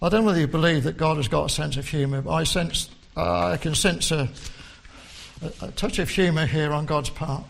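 A man preaching a sermon, slow and deliberate, quoting scripture with rising emphasis. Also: fairly high pitch, steady tone, vocal fry.

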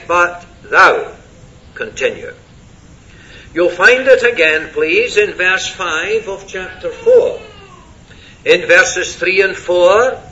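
A man preaching an expository sermon verse by verse, deliberate and stressing key words. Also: high-pitched, bright, forceful tone, muffled recording.

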